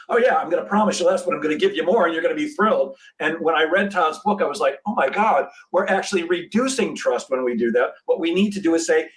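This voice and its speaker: A podcast host with a slightly high voice, picked up by a distant mic, runs a casual interview. He tells stories animatedly, acts out quoted dialogue, and restarts his sentences often.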